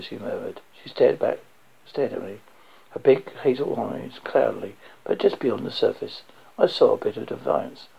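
Gravelly, husky male audiobook narrator. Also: medium pitch, normal speed. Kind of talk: first-person audiobook narration. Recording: dull lo-fi recording.

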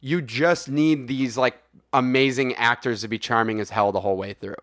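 A young man co-hosting a podcast, chatting casually about movies with lots of laughter and animated asides. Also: medium pitch, normal speed. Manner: animated, laughs often, says dude. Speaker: podcast co-host. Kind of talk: casual movie review chat.

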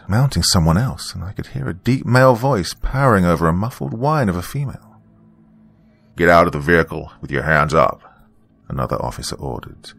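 A man narrating a first-person story in a dramatic, expressive storytelling manner. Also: sits low, creaky, no echo. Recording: faint background music.

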